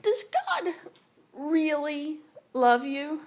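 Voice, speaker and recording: A sly male serpent, put on by a woman, coaxes in a breathy, wheedling whisper that rises high above her usual voice. It is a whispered role-play for a storybook reading, kept soft and hushed. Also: very animated, extremely slow, full character voice. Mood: coaxing.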